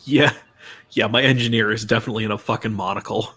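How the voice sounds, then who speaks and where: A man's voice: on the low side, fairly even intonation, quick pace, pushed and bright. Rambling casual man hosting a stream. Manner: rambling, many fillers and restarts. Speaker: stream host. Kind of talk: casual live stream chat.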